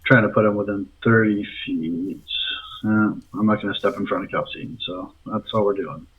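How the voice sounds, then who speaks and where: A man's voice: on the low side, steady tone, normal speed, slight background noise. A man playing a tabletop game, methodically thinking his turn through aloud. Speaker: player. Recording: phone-like narrow sound.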